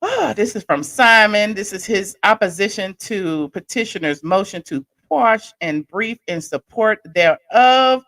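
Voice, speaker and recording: A woman chats casually on her live stream, animated and expressive. Her voice sits in a middle register, and it swings from loud bursts to soft asides. The sound is close and dry. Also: mid-range voice, a little slow, hardly any pauses, no echo.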